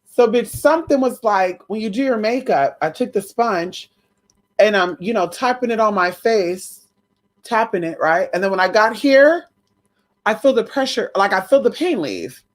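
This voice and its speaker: A woman's voice: medium pitch, expressive, moderate pace. A tired woman hosting a casual live stream, chatting to her viewers and calling them girl and honey.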